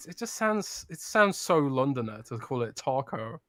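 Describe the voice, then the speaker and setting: A man's voice: mid-range voice, sing-song, moderate pace, a bit bright, no echo, clean studio sound. A British man from the UK co-hosting a podcast, chatty and rambling, laughing often. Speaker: podcast co-host. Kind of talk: casual chat.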